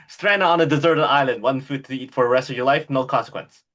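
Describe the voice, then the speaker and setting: A man's voice: medium pitch, brisk, a bit bright, muffled recording, slight background noise. A man hosting a podcast interview, upbeat and casual, with filler sounds. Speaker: podcast host.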